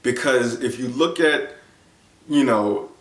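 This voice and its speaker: A man talks in an earnest, rambling monologue, full of fillers and restarts. His voice sits at an ordinary pitch for a man. He sounds set back from the mic in an echoey room. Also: slow, recorded from a distance. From United States. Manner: grows animated and higher when excited. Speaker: vlogger. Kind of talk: casual monologue.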